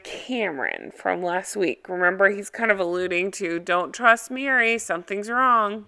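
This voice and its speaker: A woman's voice: medium pitch, gravelly, bright, forceful tone, clean tone. A woman hosting a reaction video, giving a casual, blunt and opinionated recap.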